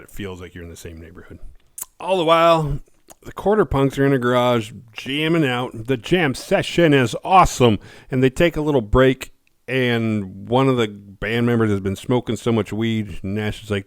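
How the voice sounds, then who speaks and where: A man casually recapping a horror movie's plot, laid-back and profane, slipping into quick voices for the characters. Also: lowish voice, no room sound, studio quality.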